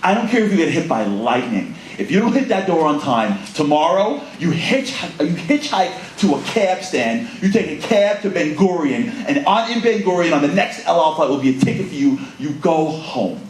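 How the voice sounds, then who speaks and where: A man's voice: low voice, brisk, a little mellow, slight background noise, voice pushed down, natural voice. A man voicing a stern male army commander who gives blunt, clipped orders, in an echoey hall.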